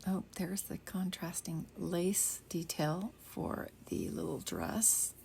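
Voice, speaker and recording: An older woman chatting casually while she demonstrates card making at her craft desk, rambling along and dropping into soft half-whispered asides. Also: fairly low pitch, very animated, slow, creaky, a little hiss or hum. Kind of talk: casual crafting tutorial chat.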